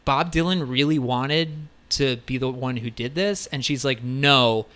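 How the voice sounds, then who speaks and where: Male co-host, bright and smooth tone, loose enthusiastic music chat. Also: mid-range voice, moderate pace. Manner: enthusiastic, profane, storytelling. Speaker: podcast co-host. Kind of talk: casual chat about music records.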